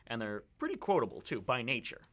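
A man's voice: mid-range voice, wildly swooping pitch, fast talker, a bit bright. A young man co-hosting a radio talk show, thinking aloud in a rambling way with many fillers and restarts. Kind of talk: casual discussion.

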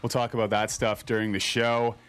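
A man's voice: on the low side, level tone, fairly quick, a bit bright, clear, resonant tone. A man from Canada hosts a college radio show in a loose, chatty way. He laughs easily and keeps the banter moving along. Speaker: radio host.

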